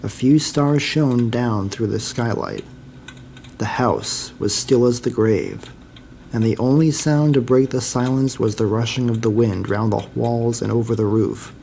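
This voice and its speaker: Male storyteller, dark and gravelly, measured dramatic reading of a ghost story. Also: mid-range voice, a little hiss or hum. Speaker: library staff reader.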